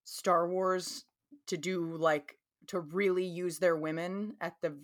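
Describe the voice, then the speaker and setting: A woman's voice: lowish voice, steady tone, slow pace. A woman with a Southern accent, co-hosting a podcast in rambling, chatty conversation. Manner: rambling, chatty, laughs easily. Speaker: podcast co-host. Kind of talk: casual chat.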